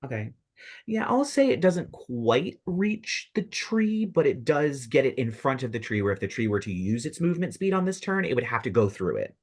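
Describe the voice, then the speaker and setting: A man's voice: mid-range voice, sing-song, moderate pace, darkish tone. A man running a tabletop game as game master, narrating scenes vividly and laughing often.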